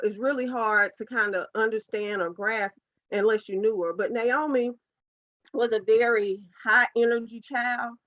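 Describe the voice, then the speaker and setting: A woman's voice: a little high, a bit bright, dry recording. A woman, a podcast guest telling a personal story as a heartfelt, earnest faith testimony. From United States, South Carolina. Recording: dull, dry lo-fi podcast audio.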